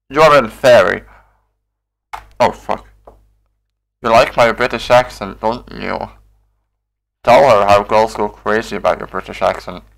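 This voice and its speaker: A man's voice: mid-range voice, creaky, fairly bright tone. A man playing a game, commenting in an exasperated, sarcastic way with frequent swearing. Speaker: game player. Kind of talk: gameplay commentary.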